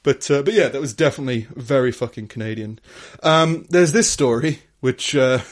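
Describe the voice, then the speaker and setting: A man's voice: medium pitch, moderate pace. A young man co-hosting a casual podcast, laughing often and swearing as he talks. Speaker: podcast co-host.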